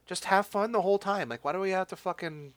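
A man's voice: sits high, fast talker, no echo. Rambling young man on a podcast. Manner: rambling, hesitant, many fillers and restarts. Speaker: podcast co-host. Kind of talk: casual chat about movies.

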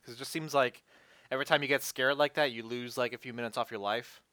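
Lively young man, bright voice. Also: medium pitch, quick pace, no room sound. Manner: animated storyteller, laughs often, acts out yells. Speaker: podcast co-host. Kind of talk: casual chat.

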